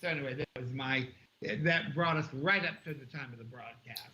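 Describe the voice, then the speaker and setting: A man's voice: medium pitch, fairly quick, bright, forceful tone. A man in his sixties co-hosting a livestream, who tells stories bluntly and with animation. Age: 60s. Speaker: co-host. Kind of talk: livestream chat, venting story. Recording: lo-fi with faint hiss.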